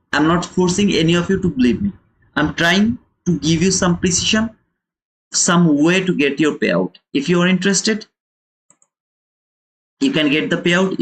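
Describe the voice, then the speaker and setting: A man hosting a live trading lesson, lecturing viewers emphatically and repeating phrases for stress. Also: on the high side. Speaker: trading educator and channel host.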